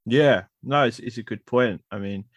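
A man's voice: medium pitch, normal speed, dry recording. A man from England with a Cockney accent hosts a podcast, asking questions in a chatty, easygoing way. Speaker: podcast host. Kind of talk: casual podcast conversation.

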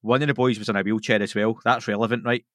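Brief: Glaswegian man, podcast guest, swears freely, animated storyteller, dry close mic. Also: lowish voice, fast, no room sound. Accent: Scottish, Glaswegian. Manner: sweary, animated, laughs through his stories. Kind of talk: casual storytelling chat.

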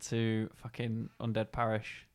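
A man's voice: fairly low pitch, completely flat delivery, measured pace, a little mellow. A man chatting casually about a video game in a laid-back, agreeable way, swearing now and then.

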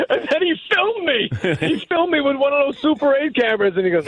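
In a muffled recording with slight background noise, a middle-aged man with a New England accent speaks in a very high voice at a fairly quick pace. He's a guest in casual conversation, animatedly telling stories and imitating his parents' voices.

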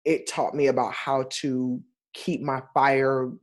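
A man, a Broadway performer, telling stories in a casual, expressive way as an interview guest. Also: mid-range voice, slow. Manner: animated, expressive storyteller.

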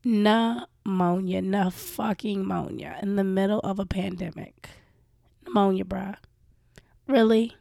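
A woman's voice: medium pitch, fairly even intonation, unhurried, gravelly, long pauses, mellow, dry recording, clean studio sound. A young woman host with a cough, venting candidly and profanely to her listeners in a casual monologue. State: sick with a cough. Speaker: show host.

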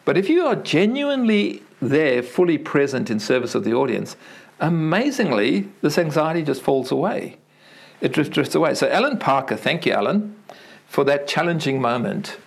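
A middle-aged Australian man, a keynote speaker, telling animated stories in an interview and acting out the voices of the people in them. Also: normal speed, creaky. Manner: acts out quoted voices with big pitch swings, repeats words.

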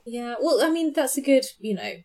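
A woman's voice: sits high, animated, brisk, darkish tone. A woman co-hosting a podcast, chatting casually and telling a story, with lots of fillers and frequent laughter. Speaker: podcast co-host.

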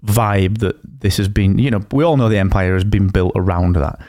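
A man co-hosting a casual podcast, relaxed and rambling, with blunt slang. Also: low voice, moderate pace. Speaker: podcast co-host. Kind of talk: casual chat.

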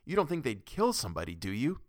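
A man's voice: mid-range voice, huge pitch swings, fast talker, no room sound, studio quality, pitched above the performer's own voice. A man reading a story, voicing an anxious, persistent young wife who pleads her case. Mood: insistent. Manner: pleading, insistent, defensive. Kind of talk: audiobook character reading.

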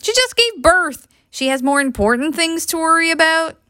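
A woman's voice: extremely high pitch, animated, normal speed, sharp tone, dry recording, clean studio sound, voice pushed up, heavily acted. A woman reading the lines of a flustered, defensive young man in a storybook. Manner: sputtering, defensive.

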